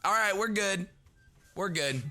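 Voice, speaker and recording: A man's voice: sits high, measured pace, bright, forceful tone, soft background music. A man playing a tabletop role-playing game in character, joking around and getting flustered. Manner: joking, flustered, laughs a lot. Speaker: player.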